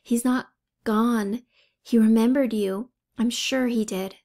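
Woman as anxious schoolgirl, soft, high, gravelly, storybook. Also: fairly even intonation, slow. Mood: reassuring. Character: anxious, reassuring young schoolgirl.

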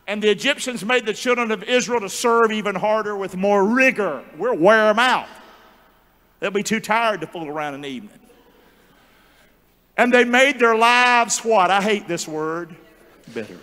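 A male pastor preaching a sermon with animated call-and-response and joking asides in a large church. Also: high voice, normal speed. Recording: long church hall reverb.

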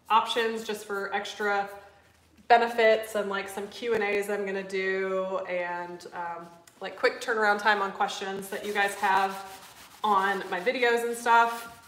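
A middle-aged woman hosts a live stream from a room with a noticeable echo. She talks fast and bubbly, packing in as much as she can. Her breath runs short as she goes. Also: medium pitch, fairly bright tone. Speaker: host. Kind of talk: live stream chat with viewers. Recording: echoey room.

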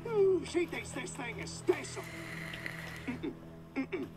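Sneering young game villain. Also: male voice, very high-pitched, lively intonation, slow pace, exaggerated voice. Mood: taunting. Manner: mocking, singsong teasing. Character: sneering young male villain, taunting and sly. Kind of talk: video game voice acting. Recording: game audio over loud music.

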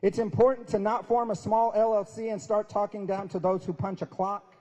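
A man's voice: high-pitched, fairly even intonation, a little fast, warm tone. Emphatic male speaker in a reverberant hall. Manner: emphatic, preachy with folksy humor. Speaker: guest speaker. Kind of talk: sermon-style speech at a prayer breakfast. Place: large event hall at a university.

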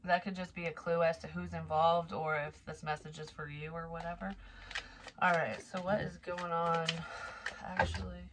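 Casual low-voiced woman giving a psychic reading. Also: flat delivery, normal speed, a little hiss or hum. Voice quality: casual and profane, rambling. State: occasional cough, slightly wheezy. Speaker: psychic reader. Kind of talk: tarot reading monologue.

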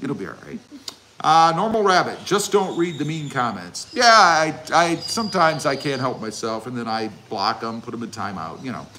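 A man's voice: mid-range voice, expressive, normal speed, sharp tone, a little hiss or hum. A man hosting a casual livestream, reading viewer comments aloud and answering them with jokes. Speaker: livestream host.

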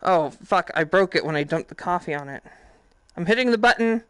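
A woman with a Boston accent giving casual, profane, excitable commentary while playing a VR game. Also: on the low side, brisk, clear, resonant tone, dry recording, clean studio sound. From Boston, USA. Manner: profane, excitable, thinking aloud. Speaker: VR game streamer. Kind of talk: casual let's-play commentary.

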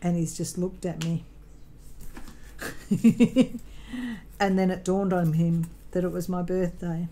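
A woman's voice: on the low side, dark tone, slight background noise, poor audio. An Australian woman vlogging casually at home while crafting, telling a long personal story in a rambling way, with many ums and self-corrections.

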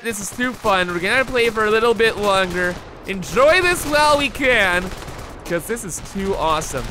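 Excitable high-voiced gaming commentator man. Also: a little hiss or hum. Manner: excitable, exclaiming, addresses viewers as guys. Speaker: gameplay commentator. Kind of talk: excited video game commentary. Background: game gunfire and explosions.

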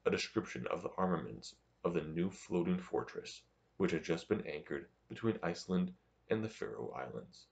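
Deep-voiced man narrating a novel. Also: creaky, lo-fi sound. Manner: steady, measured reading. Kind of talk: audiobook narration.

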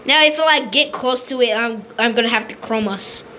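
A woman giving casual, rambling game commentary, excitable and repeating her pleas over and over. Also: fairly high pitch, a little fast, slight background noise. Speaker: gameplay commentator.

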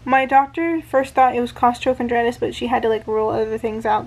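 Young woman vlogging from home, high voice, chatty and rambly, kinda out of breath, camera held close. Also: little pitch movement, brisk, gravelly, few pauses, darkish tone. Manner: chatty, rambling with many fillers and restarts. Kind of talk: casual vlog. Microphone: handheld camera.

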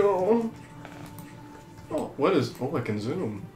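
A man doing let's play commentary on a horror game, crude and trash-talking, swinging from low mutters to panicked screaming. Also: lively intonation, moderate pace. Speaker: gameplay commentator. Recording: roomy sound with game music behind.

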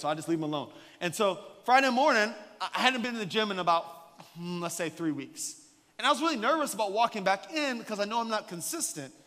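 A man preaching a sermon as a guest pastor, an animated, joking storyteller. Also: high voice, long reverb tail. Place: church sanctuary.

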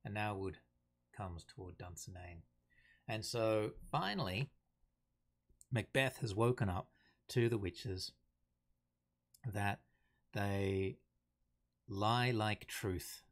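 A man giving an unhurried, thoughtful lesson on a play, reading quotations aloud plainly. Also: fairly low pitch. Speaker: teacher explaining a play. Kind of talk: casual explanatory lesson.

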